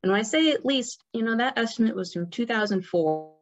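A woman giving an informal illustrated lecture as a nature center presenter, relaxed and full of fillers and restarts. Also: on the high side, a little fast. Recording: dull lo-fi recording.

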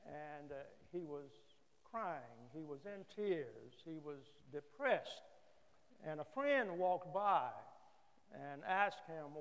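Slow-preaching man in a reverberant church. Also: on the high side, expressive, a bit bright, smooth. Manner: measured, frequent "uh" pauses, repeats key phrases. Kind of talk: sermon. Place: church sanctuary.

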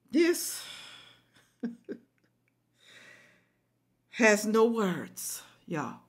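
Indignant woman with a lively, rising voice. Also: mid-range voice, drawn-out words, long pauses. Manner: indignant, preachy, addresses viewers as y'all. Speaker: reaction video host. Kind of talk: reacting and commenting to viewers.

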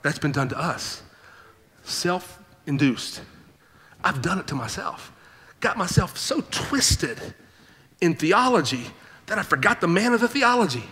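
A man preaching in a church with a high, bright, forceful voice. He reads scripture, then breaks into animated asides and acts out the people he quotes. The sound carries a long hall reverb. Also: unhurried. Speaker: pastor. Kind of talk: sermon. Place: church sanctuary.

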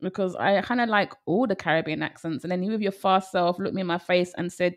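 A woman's voice: fairly low pitch, fairly quick. A woman co-hosting a show, chatting casually and teasing her co-host, laughing often. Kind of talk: casual banter.

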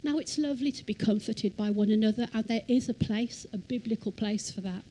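A woman teaching in church, reading scripture slowly and emphatically and leading the congregation to repeat lines. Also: fairly high pitch, mellow, poor audio. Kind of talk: sermon. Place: church hall.

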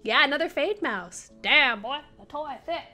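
A woman's voice: sits high, lively intonation, normal speed, sharp tone. A young woman hosting a casual livestream as community manager, chatting with viewers and cooing at her dog. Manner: chatty, talks baby-talk to her dog. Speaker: live streaming and community manager. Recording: faint music behind.

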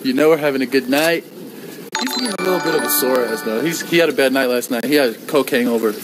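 A man live-streaming on a city street into a handheld phone, loud, goofy and taunting, repeating his phrases over and over. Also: mid-range voice, quick pace, over music, poor audio. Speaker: IRL streamer. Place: outdoors on a city street and at a hotel door.

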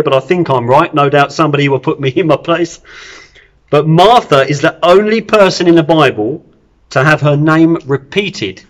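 A man's voice: on the high side, a bit bright. A man, a church deacon, preaching a sermon, retelling a Bible story earnestly with self-deprecating asides.

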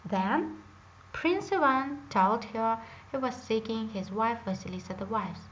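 A woman telling a fairy tale in English, reading slowly and carefully, on a dull lo-fi recording. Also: on the high side. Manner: slow, careful reading aloud. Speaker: storyteller. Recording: dull lo-fi recording with faint hiss.

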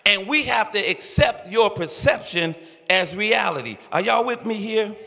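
Older man, pastor, high voice, slow deliberate delivery, impassioned pleading sermon, rhythmic repetition, long reverb of a big church hall. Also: lively intonation, gravelly, pushed and bright. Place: large church sanctuary.

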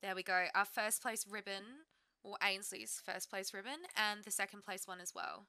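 A woman's voice: medium pitch, animated, moderate pace, pushed and bright, smooth, no room sound. A woman giving bubbly, chatty let's-play commentary, often talking to her game characters. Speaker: gaming YouTuber.

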